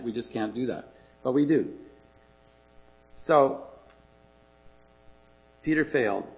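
A man's voice: mid-range voice, rough recording. A man preaching a sermon in an earnest, emphatic way, repeating his key points.

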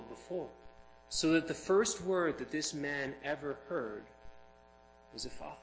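Expressive preacher man, higher voice. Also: a little hiss or hum, rough recording. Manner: expressive, builds to emphatic peaks. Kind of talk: sermon.

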